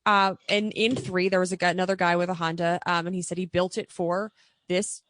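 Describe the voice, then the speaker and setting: A woman's voice: fairly low pitch, level tone, fairly quick, a bit bright, no echo. A woman co-hosting a racing podcast, chatting casually and repeating her points for emphasis. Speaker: podcast co-host. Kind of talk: casual chat.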